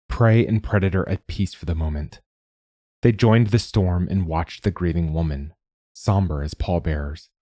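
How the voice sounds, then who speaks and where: A man reading a story aloud in a measured, somber narration. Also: low voice, warm tone, no room sound, studio quality.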